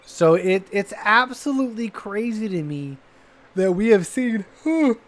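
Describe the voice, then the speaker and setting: High-voiced, rambling male podcast co-host. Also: lively intonation, measured pace. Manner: rambling and enthusiastic, with many restarts. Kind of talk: casual chat.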